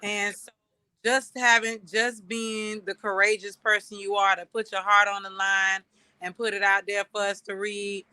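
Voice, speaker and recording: A woman moderating a casual panel, speaking encouragingly with many fillers and pauses. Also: medium pitch, little pitch movement, clear, resonant tone, no echo. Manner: warm, encouraging, halting with fillers.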